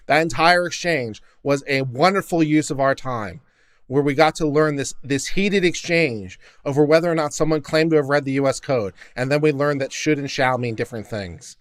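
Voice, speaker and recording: A man's voice: on the high side, a little fast. A man hosting a reaction show, giving casual commentary in a sarcastic, incredulous rant. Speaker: host reacting to court audio.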